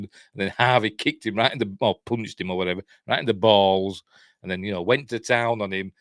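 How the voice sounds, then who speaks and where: Casting: a rambling, chatty Yorkshire film reviewer, deep voice, dry recording. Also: male voice, normal speed, fairly bright tone, no room sound. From Yorkshire, England. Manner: rambling, chatty, lots of fillers and chuckles. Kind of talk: casual film breakdown.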